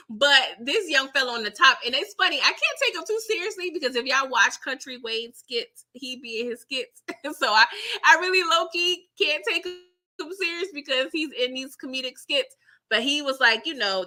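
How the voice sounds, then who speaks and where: A woman hosts a casual livestream recap, talking in a very bright, sharp voice. She sits high in her range, laughs often and reads viewer comments aloud as she goes. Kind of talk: casual live show recap chat.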